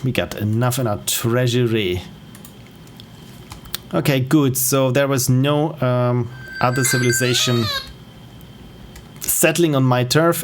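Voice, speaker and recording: A man's voice: mid-range voice, a little hiss or hum. A man with a German accent giving casual, think-aloud commentary as he plays a strategy game on stream. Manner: thinking aloud, with frequent fillers and self-corrections.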